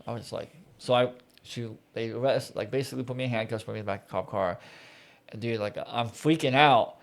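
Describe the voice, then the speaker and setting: Gravelly man telling a story, saying "dude" a lot. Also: mid-range voice, normal speed. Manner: storytelling, heavy use of "dude" and "like". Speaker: podcast co-host. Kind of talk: casual podcast chat.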